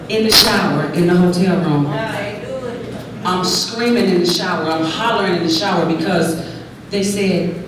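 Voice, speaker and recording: A woman in her forties from California giving an expressive, preacherly speech at a luncheon, acting out voices as she tells her story. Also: medium pitch. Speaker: luncheon speaker. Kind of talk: inspirational speech. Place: large hall. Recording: echoey hall from far off, noisy.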